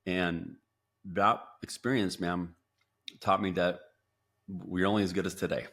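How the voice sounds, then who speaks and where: A man with a very deep voice tells his story as a podcast guest. He talks in bursts full of restarts and acts out his own past quotes. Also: flat delivery, measured pace, pauses often, a bit bright. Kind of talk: storytelling interview.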